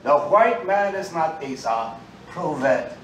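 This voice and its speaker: A man preaching in a loose, animated street style, his fairly high voice bursting out loud and then dropping back. He sounds roomy and a bit distant from the mic, with faint room ambience behind him. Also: slow, slight background noise. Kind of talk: sermon.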